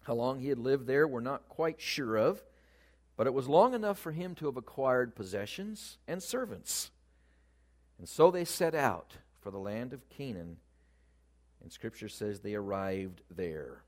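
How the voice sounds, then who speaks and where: A man preaching a sermon, speaking with animated emphasis that rises and falls in loudness. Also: medium pitch, a little slow.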